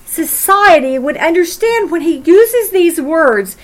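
A woman teaching a Bible study, emphatic, with rhetorical questions and dramatic pauses. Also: extremely high pitch, animated.

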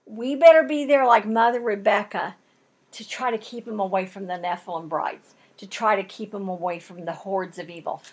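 A woman's voice: medium pitch, normal speed, slightly rough. A woman teaching a Bible lesson in an earnest, emphatic way, using folksy turns of phrase and building intensity as she makes her points.

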